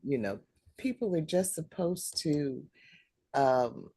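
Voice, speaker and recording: Woman hosting a book club call, very slow, lively low voice, dry sound. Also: husky, no room sound. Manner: laughing often, thoughtful and unhurried. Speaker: host. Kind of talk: casual book club chat.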